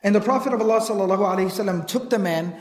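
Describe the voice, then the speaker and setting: A man delivering a sermon in a fairly high voice, retelling narrations and driving points home through repetition. He recites Arabic quotations before explaining them in English. The sound carries the long, roomy echo of a large hall. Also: rapid-fire. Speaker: preacher. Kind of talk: sermon storytelling. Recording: echoey hall with long reverb.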